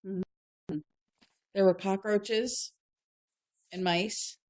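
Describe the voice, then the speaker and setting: A woman's voice: extremely slow, poor audio. A woman in her thirties from Maryland chatting frankly on a home livestream, trailing off and correcting herself as she goes. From Maryland, USA. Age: 30s. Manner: switches to high excited baby talk for her pets. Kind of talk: casual livestream chat.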